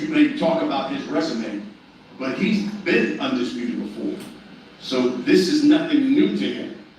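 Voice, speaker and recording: A man's voice: fairly high pitch, a little mellow. A man moderating a press conference, asking probing questions of the fighters. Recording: echoey hall from far off with faint noise.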